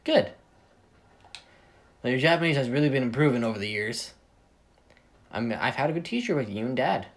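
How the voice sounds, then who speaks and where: Kat, a teenage girl and easygoing older sister, talks in a breezy, reassuring way with a lively, bouncing pitch, as a man puts her on in his own voice. It sounds like a home-read fan story. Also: moderate pace, long pauses, close to an everyday voice. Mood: soothing.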